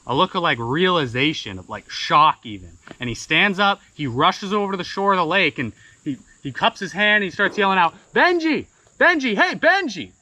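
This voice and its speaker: A man's voice: on the high side, expressive, fairly quick, sharp tone, low-quality recording. A man telling a folksy tall tale in a casual, rambling way, full of fillers. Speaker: storyteller.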